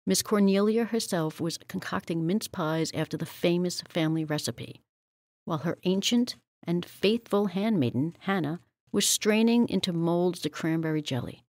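A woman reading a story aloud in a steady, measured way. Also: fairly low pitch, dry recording, clean studio sound. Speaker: audiobook reader.

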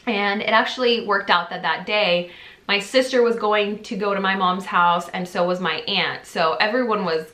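A young woman vlogger telling a personal story in a casual, animated way, laughing often and acting out what people said in a higher voice. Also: moderate pace. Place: home office. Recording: echoey room.

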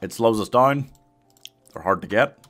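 A man live-streaming a game, talking casually to his chat and yelling at his pet dog. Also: on the low side, lively intonation, unhurried, faint music behind.

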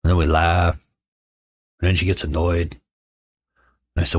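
A man's voice: low-pitched, fairly even intonation, normal speed, pauses often, no room sound, clean studio sound. A middle-aged man hosting a casual livestream, chatting with viewers in a sarcastic, joking way and telling stories. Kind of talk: casual chat.

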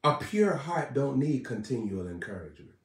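A man's voice: mid-range voice, very animated, moderate pace, recorded from a distance. Fiery preacher man, echoey room. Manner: fiery, repetitive preaching with rising shouts. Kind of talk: live-streamed sermon.

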